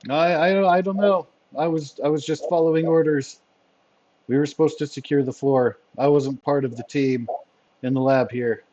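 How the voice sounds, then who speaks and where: A man's voice: steady tone, moderate pace, a little mellow, close to an everyday voice. Guy doing a scared henchman, stammery pleading voice going way up, dull lo-fi sound. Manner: high-pitched, stammering pleas.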